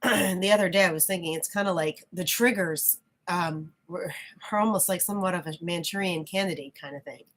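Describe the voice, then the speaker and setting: Halting, low-voiced woman vlogger. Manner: frank, reflective, halting with many restarts. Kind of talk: casual spoken monologue.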